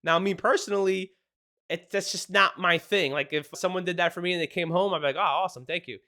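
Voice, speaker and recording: A male podcast host giving casual marriage advice, talking fast and excitedly and laughing often. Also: high voice.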